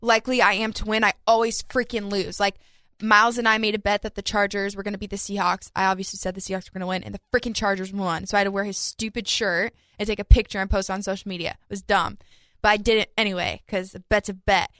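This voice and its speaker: A woman's voice: mid-range voice, level tone, fast talker, a bit bright, dry recording, clean studio sound. A young woman co-hosting a podcast, chatting casually and telling stories with acted-out quotes. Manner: chatty storyteller, acts out quotes of family. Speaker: podcast co-host. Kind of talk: casual chat.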